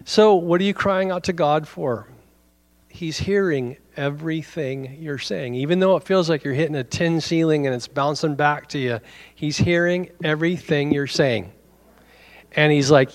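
Animated man preaching a lively sermon. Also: on the high side, moderate pace. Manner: animated, conversational preaching with asides and laughs. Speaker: pastor.

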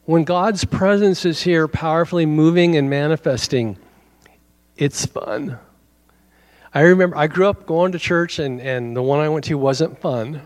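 A man preaching from the pulpit of a church, his voice pitched a little high for a man. He keeps it animated and conversational, tossing asides to the congregation between his points. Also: a little slow. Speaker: pastor. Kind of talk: sermon.

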